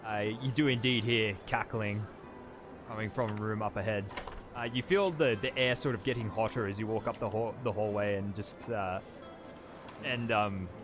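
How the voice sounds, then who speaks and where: Guy running a tabletop game, lots of uhs and restarts, music going behind. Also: on the low side. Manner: halting, many fillers and restarts. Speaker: game master.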